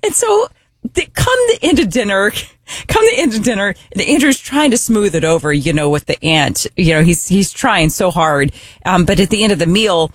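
A woman co-hosting a radio show, telling a funny family story in an animated way, often laughing and acting out the voices. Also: medium pitch, normal speed, breathy edge, no echo. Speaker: radio co-host.

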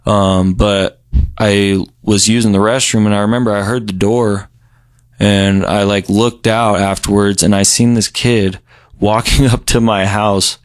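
Low-voiced man rambling through his story. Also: a little slow, dry recording, clean studio sound. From Colorado, USA. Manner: relaxed, rambling, heavy on fillers like "you know" and "um". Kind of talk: casual recovery story interview.

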